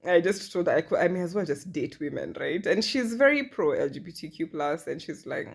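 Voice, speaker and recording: A woman's voice: deep voice, lively intonation, moderate pace, creaky, husky. A woman in her thirties talking candidly in a personal vlog, chatty and self-deprecating. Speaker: vlogger.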